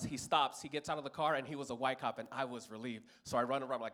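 A man's voice: medium pitch, fairly even intonation, quick pace, fairly bright tone. A man from Los Angeles in his thirties telling a profane stand-up story on a comedy club stage, acting out other people's voices.

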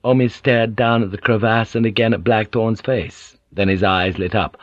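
A man in scripted narration, reading an audiobook in a measured, even way. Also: lowish voice, no room sound. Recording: dull lo-fi audiobook recording.

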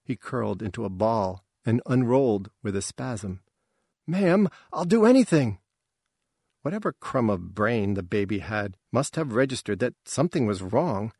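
A man reading a science fiction story aloud in a slow, measured way. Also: on the low side, gravelly, a little mellow, no echo, clean studio sound. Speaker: narrator. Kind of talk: audiobook reading.

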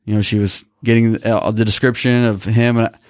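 Talking briskly in a fairly low, level voice, a man in his thirties co-hosting a podcast tells an emotional, rambling personal story with many restarts. The recording is studio quality with no echo.

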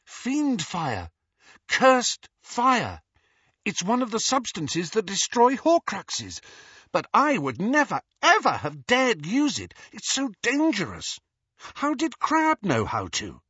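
A man playing an anxious clever teenage girl, higher voice, animated. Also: slow pace, breathy edge, no room sound, muffled recording, heavily acted.

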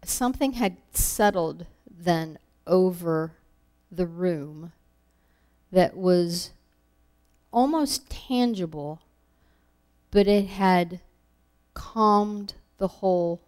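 A woman's voice: fairly low pitch, slow pace, pauses often, darkish tone. A woman giving an informal sermon, telling personal stories in a conversational way with laughs, acting out her own thoughts. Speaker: preacher.

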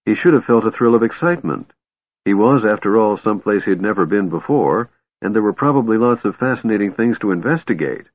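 Deep-ish husky guy reading a fantasy book, lively voice, tinny phone-like sound. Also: brisk. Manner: expressive, voices each character. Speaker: audiobook narrator. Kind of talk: scripted narration.

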